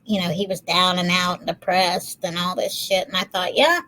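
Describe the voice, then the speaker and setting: A woman's voice: fairly low pitch, steady tone, normal speed, pushed and bright, slight background noise, rough recording. A woman co-hosting a podcast, chatting casually and poking fun at herself. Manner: self-deprecating, laughs easily. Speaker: podcast co-host. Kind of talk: casual chat.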